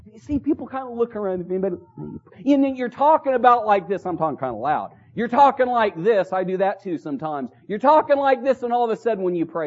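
A man's voice: very high voice, very animated, quick pace, few pauses. A man preaching a sermon in a chapel, earnest and exhorting, driving points home with rhetorical questions and repetition. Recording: dull lo-fi recording.

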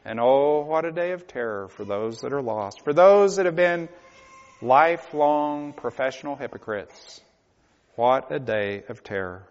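A man preaching a sermon, swinging from hushed, quiet passages to loud, pleading cries. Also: medium pitch, animated, measured pace. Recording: dull lo-fi recording in a reverberant hall.

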